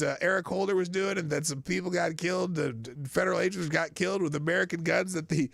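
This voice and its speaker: Lively, gravelly-voiced man hosting live commentary. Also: sits high, no echo. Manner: sarcastic, profane and rambling, with many restarts. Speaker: host of a live news commentary show.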